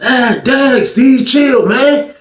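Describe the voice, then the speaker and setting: A man voicing a laid-back young friend who casually pleads with someone to calm down. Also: very high-pitched, extremely slow, voice pushed up, exaggerated voice. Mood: pleading. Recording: roomy sound from a distant mic.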